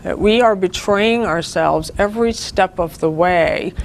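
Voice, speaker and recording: A woman leads a spiritual group in an informal, heartfelt talk. She draws her teaching from personal stories. Her voice sits a little low, and she speaks slowly and deliberately over a faint background hum. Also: creaky.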